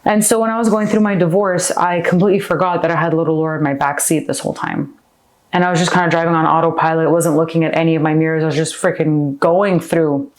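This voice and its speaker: A woman's voice: deep voice, fairly even intonation, quick pace. A woman telling her personal story as a podcast guest, in a chatty, heartfelt way full of fillers. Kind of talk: candid personal interview.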